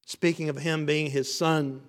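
Male pastor, expository preaching, higher register, emphatic swells; reverberant sanctuary. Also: little pitch movement, a little slow. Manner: builds to emphatic, rising passages then drops low. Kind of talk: expository sermon. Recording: reverberant hall.

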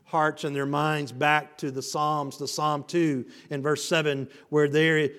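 Guy preaching a sermon, kinda high voice, gets loud and emphatic, long echo in the church. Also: flat delivery, unhurried. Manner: builds to emphatic, rising passages then drops low. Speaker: pastor. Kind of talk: expository sermon. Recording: reverberant hall.

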